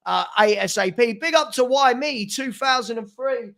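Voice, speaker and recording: A man's voice: very high voice, normal speed, gravelly, fairly bright tone. A young man hosting a live football watchalong from his home room, chatting casually and reading out viewer comments. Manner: chatty, reads out viewer comments, scolds a puppy. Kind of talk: casual live-stream chat.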